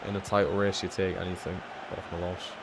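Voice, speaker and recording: A young man with a low, deep voice commentates his own football game on a live stream. He chats loosely and swears often, then bursts into loud, excited shouts when something big happens on the pitch. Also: quick pace, background noise.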